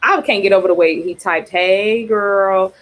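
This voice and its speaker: A woman's voice: lowish voice, animated, quick pace, fairly bright tone, breathy edge. Chatty, cussing woman reading comics. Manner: chatty, profane, laughs often. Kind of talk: casual reaction reading.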